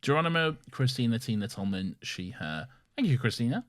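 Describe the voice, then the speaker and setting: A man's voice: mid-range voice, very animated, a little fast. A man co-hosting a casual podcast, talking enthusiastically but hedging and restarting as he goes. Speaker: podcast co-host. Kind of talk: casual chat.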